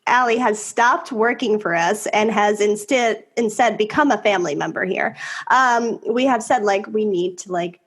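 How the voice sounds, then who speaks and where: A woman podcast co-host and mother talking in a casual conversation, emotional and laughing often, rambling quickly. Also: mid-range voice.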